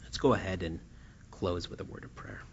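A man preaching a sermon to his church. He keeps asking "right?", repeats his key phrases, and moves between quiet, low passages and loud, pressing ones. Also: fairly even intonation, brisk, gravelly, a little hiss or hum. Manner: swings from soft and low to loud and emphatic. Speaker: pastor. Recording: dull lo-fi sound.

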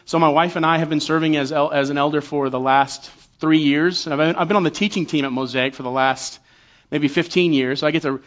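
A man in his forties gives a sermon in a relaxed, conversational way, joking at his own expense and often restarting his sentences. His voice sits high for a man. The recording is dull and lo-fi. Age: 40s. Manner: conversational and self-deprecating, with quick restarts. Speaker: guest preacher, church elder. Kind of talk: sermon with humorous stories.

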